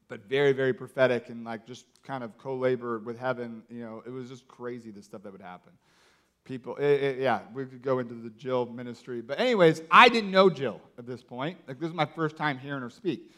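A man preaching a sermon, telling a story in a casual, filler-heavy way and acting out the people in it with loud outbursts. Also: medium pitch. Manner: animated, acts out quotes with loud outbursts.

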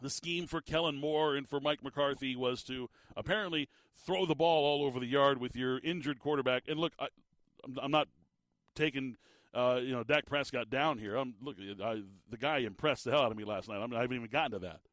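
Guy, sports radio host, tired squeaky voice, incredulous rants, dry sound. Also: a little fast, dry recording. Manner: animated, incredulous rants with laughs. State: fatigued voice, slightly squeaky. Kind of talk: sports talk radio monologue.

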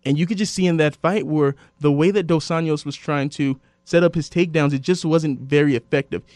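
A man hosting a casual sports podcast, telling stories and quoting others in lively voices. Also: on the high side, brisk, no room sound. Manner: animated storyteller, quotes others in voices. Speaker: sports radio host.

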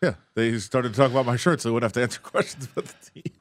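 A man's voice: medium pitch, racing, no echo. A man who works as a sports reporter, chatting casually on a talk show with rambling restarts and frequent laughs.

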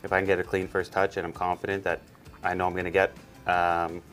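A man, a hockey player, giving a relaxed, easygoing interview. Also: quick pace, soft background music. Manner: relaxed, low-key, easygoing. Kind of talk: casual interview.

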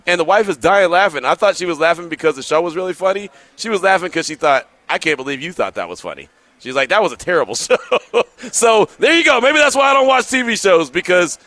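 A man hosting a sports radio show live from a sports bar, telling stories in animated casual slang. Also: a little high, no echo. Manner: animated storytelling, drawling slang.

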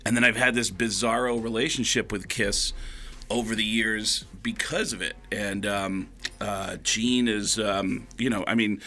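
A man's voice: fairly low pitch, fairly even intonation, measured pace, bright, forceful tone. A man, a comedian guest, telling stories in a loose, rambling way with many fillers. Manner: rambling, lots of fillers and laughs, slips into voices. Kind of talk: casual storytelling chat.

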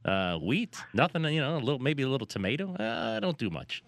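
A male sports radio co-host tells a story at a quick clip, his voice bright and forceful, with lots of laughter. His pitch swings widely. The studio sound is dry. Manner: animated storyteller, laughs often. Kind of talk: casual sports radio chat.

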